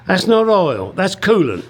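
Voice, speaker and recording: In this casual workshop vlog, a middle-aged Englishman with a high voice talks bluntly to the camera, swearing freely as he restores a classic car in his home garage. Slight background noise is audible.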